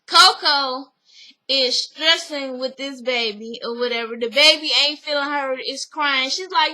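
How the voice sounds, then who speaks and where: A young woman casually recapping a reality show, animated and slangy, acting out what the people said. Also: sits high, a little slow, rough recording. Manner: animated, slangy, acts out quotes.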